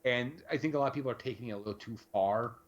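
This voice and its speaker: A man co-hosting a live stream as a podcast co-host, rambling casually with lots of fillers. His mid-range voice comes out rapid-fire, and the audio has its highs cut off.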